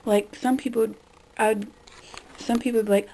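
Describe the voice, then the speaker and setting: A woman's voice: on the high side, steady tone, moderate pace, creaky, long pauses, dark tone, slight background noise, rough recording. A young woman vlogging a casual rant, exasperated and swearing, now and then mimicking the people she talks about. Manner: exasperated, swearing, mimics customers in quoted voices. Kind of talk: casual ranting monologue.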